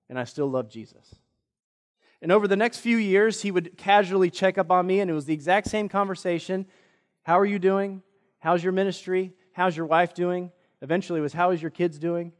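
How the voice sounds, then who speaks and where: A male pastor preaching a sermon, telling a personal story in an earnest way. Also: fairly high pitch. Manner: earnest storytelling, quotes others in lively voices. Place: church sanctuary. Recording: long church reverb.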